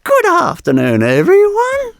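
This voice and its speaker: A man putting on the voice of an overexcited man loudly greeting a crowd. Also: wildly swooping pitch, unhurried, vocal fry, dry recording, studio quality, exaggerated voice. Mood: hyped. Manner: loud, high-pitched, jumpy.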